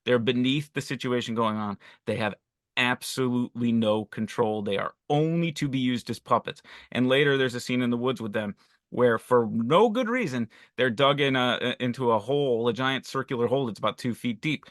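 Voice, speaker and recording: A man with a mid-range voice discusses a film on a podcast, analytical and a little halting. The sound is close and dry, with no room around him. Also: mid-range voice, dry recording. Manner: thoughtful, analytical, halting with fillers. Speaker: podcast co-host.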